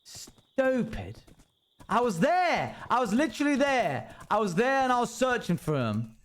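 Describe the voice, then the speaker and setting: A man's voice: very high-pitched, wildly swooping pitch, unhurried. A man streaming a game live, chatting with viewers and grumbling in playful mock annoyance.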